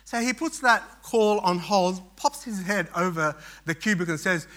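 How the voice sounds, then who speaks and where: High, bright-voiced man preaching a sermon. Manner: storytelling, halting with many restarts and fillers. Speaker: pastor.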